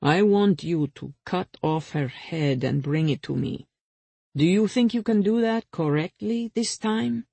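A reader voicing a cold, menacing male crime boss who speaks in a slow, cutting, sarcastic way. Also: mid-range voice, gravelly, mellow, breathy edge, dry recording. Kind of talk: audiobook character reading.

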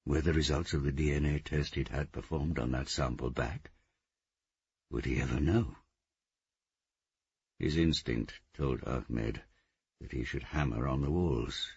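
Give me a man with an extremely low voice reading a novel, measured and dry. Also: vocal fry, husky, dry recording, dull audio. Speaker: audiobook narrator. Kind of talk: scripted narration.

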